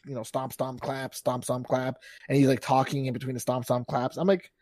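Animated man telling stories, dry sound. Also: medium pitch, moderate pace, no room sound. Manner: animated storyteller, acts out quotes, laughs often. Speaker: podcast co-host. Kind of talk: casual chat.

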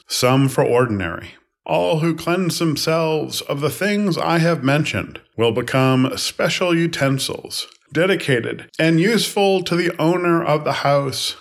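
A man giving a measured, unhurried reading of scripture passages. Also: on the high side. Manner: calm, even, unhurried phrasing. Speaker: scripture reader.

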